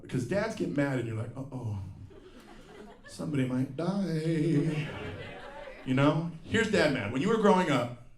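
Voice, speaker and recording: A man's voice: on the high side, sing-song, a little fast. A man in his fifties doing a profane stand-up set, ranting in exasperation and mocking people with put-on voices. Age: 50s. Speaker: stand-up comedian. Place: live comedy venue with audience. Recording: roomy live venue with crowd laughter.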